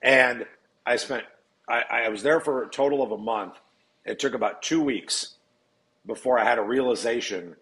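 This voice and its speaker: A man's voice: medium pitch, moderate pace, a bit bright, low-quality recording. A man from Nebraska telling his recovery story as a podcast guest, candid, blunt and profane.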